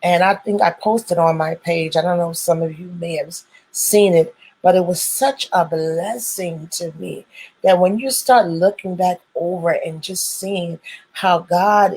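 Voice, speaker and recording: A woman's voice: on the low side, a little mellow, slightly rough, low-quality recording. A woman hosting her own live stream, greeting viewers over and over in churchy, welcoming phrases. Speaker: host of a live stream show.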